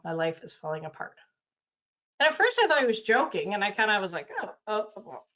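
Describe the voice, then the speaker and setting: A woman's voice: medium pitch, fairly bright tone. Chatty woman on a dull call line. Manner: chatty, loose, full of fillers, acts out quotes. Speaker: consultant and coach. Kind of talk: casual webinar talk. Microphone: video call.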